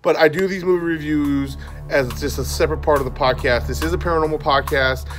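Male podcast host, slightly high voice, casual and meandering review monologue. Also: steady tone, a little fast, over music. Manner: rambling and conversational.

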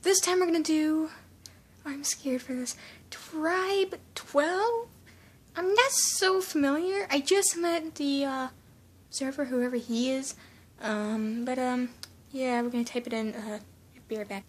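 A woman voicing a timid, soft-spoken female cartoon pony who reacts to a video, hesitant and full of ums, easily startled. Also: high-pitched, slow. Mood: shy, hesitant. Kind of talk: fan reaction commentary in character.

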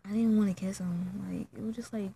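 A woman's voice: mid-range voice, fairly even intonation, fairly quick, creaky, mellow, a little hiss or hum, rough recording. A woman vlogger telling a story in a casual, slangy, chatty way, full of fillers, straight to her viewers.

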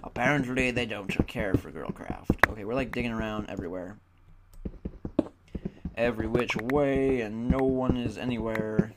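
A man's voice: medium pitch, steady tone, normal speed. A tired young man giving casual, chatty gaming commentary and grumbling at the game. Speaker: gaming YouTuber. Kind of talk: casual Let's Play commentary. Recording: loud background noise.

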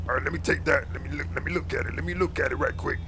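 A man's voice: fairly high pitch, racing, slight background noise. A man playing a bossy, bumbling young street cop who blusters, barks orders and fumbles through paperwork. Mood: fumbling. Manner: blustering, yells shut up, fumbles and mutters.

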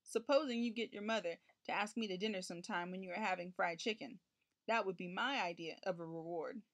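A woman's voice: mid-range voice, fairly quick, no room sound, lightly acted. A woman voicing a kindly, easygoing male neighbor in a storybook read-aloud. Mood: genial.

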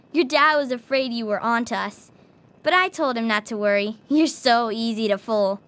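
A woman's voice: a little high, normal speed, a bit bright, lightly acted. Amata, a bubbly teasing girl, voiced by a woman. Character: cheerful young girl, the hero's playful friend. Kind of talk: video game dialogue.

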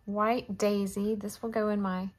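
A woman's voice: medium pitch, little pitch movement, measured pace. A woman chatting casually to her viewers as she shows off fabric she received, gushing and talking straight to the camera. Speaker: crafting vlogger. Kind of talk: casual show-and-tell chat.

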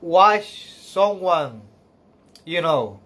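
Man streaming a reaction, slow-talking, swings up and down in pitch, gushing, close to tears, halting with lots of fillers. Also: lively intonation, fairly bright tone. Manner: halting, filler-heavy speech with sighs and laughs.

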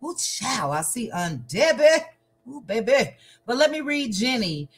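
Livestream host, woman from Chicago, lively and playful, higher voice. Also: measured pace, breathy edge. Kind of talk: casual chat, reading viewer comments.

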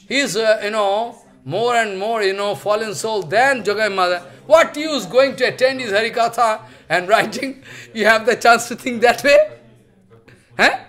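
A man giving a devotional sermon in English, telling stories emphatically and acting out the voices in them, with many "you know" fillers. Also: very high voice. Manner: emphatic storytelling, acting out quoted voices with sudden shouts; frequent "you know" fillers, non-native English phrasing. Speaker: spiritual teacher giving a discourse.

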